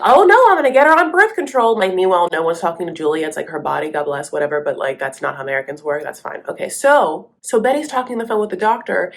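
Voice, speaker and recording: Sassy, gossipy woman with a low voice. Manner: sassy, gossipy, calls the viewer honey; breaks into quick voices for the people she quotes. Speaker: host. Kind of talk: casual TV recap commentary.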